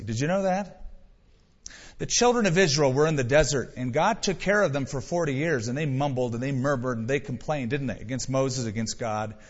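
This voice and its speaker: A male pastor delivers a sermon in a fairly high voice, rising loud and sinking low on key points. The recording is dull and lo-fi, carried by the long reverb of a large church hall. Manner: preaching with wide swings in loudness, dropping low on key words.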